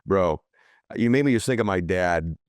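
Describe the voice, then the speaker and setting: A man's voice: low voice, animated, normal speed, clear, resonant tone, no echo, studio quality. A man hosting an interview, asking questions and sharing stories in a casual, informal way. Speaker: host.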